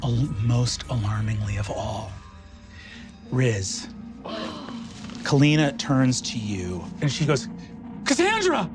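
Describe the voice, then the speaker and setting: Guy running a tabletop game, quick vivid narration, mid pitch, music behind. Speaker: game master.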